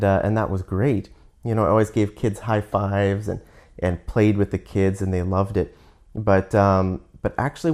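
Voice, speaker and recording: A man's voice: on the low side, a little mellow. A man with a Canadian accent talking candidly in a casual monologue, often restarting and stopping to explain words for learners.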